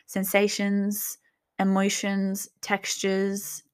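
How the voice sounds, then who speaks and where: A young woman hosting a coaching talk, gently guiding listeners through reflective questions. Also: medium pitch, completely flat delivery, drawn-out words, clean tone. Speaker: business coach and podcast host.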